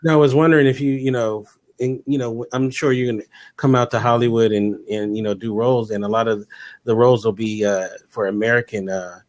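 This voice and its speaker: A man's voice: medium pitch, steady tone, fairly quick, darkish tone. A man interviewing an actor, asking rambling questions with many fillers. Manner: rambling, repeats himself while asking.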